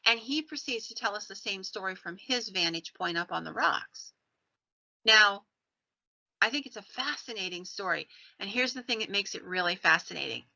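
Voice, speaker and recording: A woman hosts a podcast and tells ghost stories in an animated, rambling way. Her voice is very bright and sharp, recorded dry and close with a dull, slightly lo-fi sound. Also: mid-range voice, moderate pace, creaky, no room sound. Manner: animated, digressive storyteller. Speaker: podcast host.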